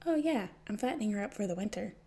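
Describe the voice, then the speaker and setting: A woman's voice: medium pitch, expressive, fast, warm tone, breathy edge. A woman voicing a manic, cheerful male mercenary antihero who rambles gleefully. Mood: rambling explaining. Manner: giddy, rambling, gleefully unhinged.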